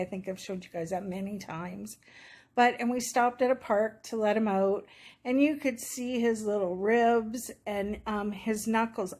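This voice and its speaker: This middle-aged woman's voice is medium-pitched and a little mellow. She casually tells her viewers a personal story, rambling and emotional, and voices the other people's lines herself.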